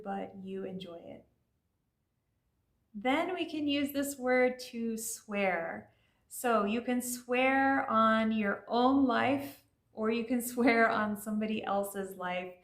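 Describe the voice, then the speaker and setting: A woman's voice: fairly high pitch, reverberant. A woman teaching learners in a friendly, explanatory way, with casual fillers. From Iranian family. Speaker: language teacher.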